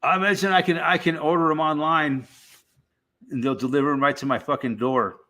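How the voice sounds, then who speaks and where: A man's voice: a little high, steady tone, brisk, bright, forceful tone. A middle-aged man hosting a casual live stream, rambling and swearing in a laid-back way.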